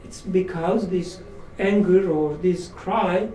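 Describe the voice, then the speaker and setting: Mellow man teaching from across a roomy space. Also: sits high, fairly even intonation, takes it slowly. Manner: reflective, self-deprecating with light laughs. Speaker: study circle leader. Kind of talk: informal religious study talk. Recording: roomy echo, distant mic, faint room noise.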